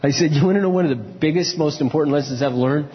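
A man preaching in a big church hall, his fairly high voice ringing with long reverb. He tells stories from his own marriage, dropping to quiet confessional asides and then rising into loud shouted points. The sound is a bit dull and muffled. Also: fast. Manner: storytelling, swings from low confessional murmurs to loud shouted emphasis. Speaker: pastor. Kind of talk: sermon.

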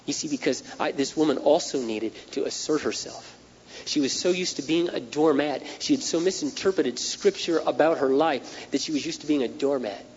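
A man's voice: on the high side, moderate pace, darkish tone, slight background noise. A man preaching a sermon, earnest and repetitive, telling stories to drive his point home. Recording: dull lo-fi recording with long hall reverb.

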